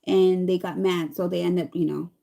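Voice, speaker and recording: A woman's voice: fairly low pitch, moderate pace, gravelly. A woman in her thirties chatting casually while doing her makeup, telling a rambling story and acting out the lines of the people in it. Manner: chatty, rambling, animated quoting. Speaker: vlogger.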